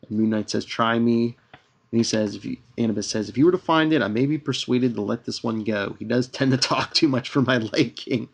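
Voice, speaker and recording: A man's voice: medium pitch, fairly even intonation, moderate pace, vocal fry, slightly rough. A man co-hosting a podcast, casually recapping a comic issue and reading out the characters' lines with lots of "uh"s. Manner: retells scenes with filler "uh"s and quoted dialogue. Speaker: podcast co-host.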